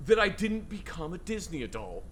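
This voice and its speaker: A man's voice: sits high, very animated, normal speed, fairly bright tone. Rambling man chatting while gaming. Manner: rambling, self-amused, full of fillers. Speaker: gaming video co-host. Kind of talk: casual chat while gaming.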